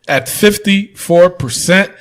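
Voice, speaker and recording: A man's voice: high voice, slow pace, fairly bright tone. Joking, easygoing male podcast host. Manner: loose, joking, laughs often, swears casually. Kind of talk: casual wrestling podcast chat.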